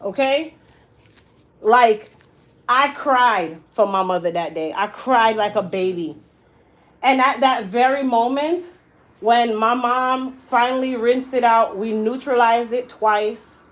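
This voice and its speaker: Animated woman telling a salon story. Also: a little high, slow pace, poor audio. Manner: animated, acts out quoted voices. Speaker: hairstylist and salon owner. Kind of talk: emotional personal storytelling.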